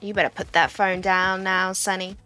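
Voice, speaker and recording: A woman's voice: mid-range voice, level tone, moderate pace, bright, forceful tone, a little hiss or hum. A woman giving casual, chatty commentary as she plays a video game, reading objectives aloud and laughing at what happens. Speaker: gaming video host.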